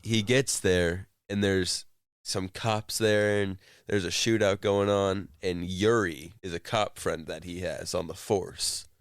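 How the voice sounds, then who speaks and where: A man's voice: low voice, steady tone, slow, clear, resonant tone, no room sound, studio quality. A man co-hosting a podcast, recounting a video game scene in casual chat, rambling with many "like" fillers. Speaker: podcast co-host.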